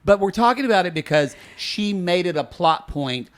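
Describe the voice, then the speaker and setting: A man co-hosting a podcast, chatting casually and gossiping in a lively, bantering way. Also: sits high, moderate pace. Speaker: podcast co-host. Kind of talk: casual chat.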